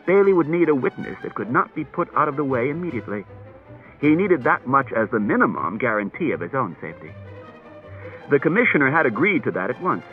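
A man reading a novel aloud as audiobook narrator, measured and expressive, from an old cassette tape. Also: medium pitch. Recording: tinny lo-fi cassette tape with faint music.

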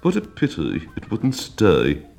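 A fussy old lory bird, voiced by a man drawls slowly and primly in a deep voice. Clear music runs under the storybook reading. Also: huge pitch swings, darkish tone, exaggerated voice. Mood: wistful.

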